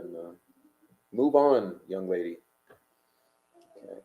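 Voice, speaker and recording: A livestream host with a lowish, expressive voice speaks at a moderate pace, reading chat and super chats aloud. His talk is rambling, combative and packed with fillers, over dull, lo-fi stream audio.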